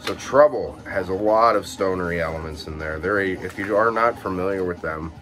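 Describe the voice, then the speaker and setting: A very low-voiced young man, newly awake and relaxed, talks casually through his collection with frequent fillers and quick corrections. He comes from Illinois, USA, and faint music is audible in the background.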